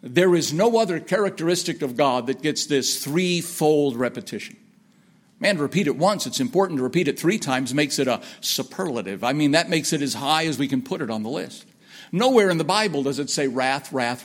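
A man preaching a sermon, with folksy asides and emphatic repetition, often rambling off topic. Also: medium pitch. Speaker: pastor. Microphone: sermon on an iPad from notes.

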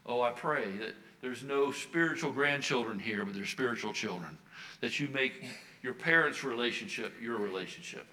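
Bright-voiced older American preacher. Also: male voice, mid-range voice, moderate pace, rough recording. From United States. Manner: earnest preaching with repeated emphatic phrases. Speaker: Baptist minister. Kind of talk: sermon.

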